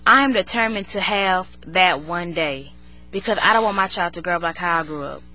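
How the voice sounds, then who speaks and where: A teenage girl sharing a personal story on the radio, earnest and halting. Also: lowish voice, bright, forceful tone, faint music behind.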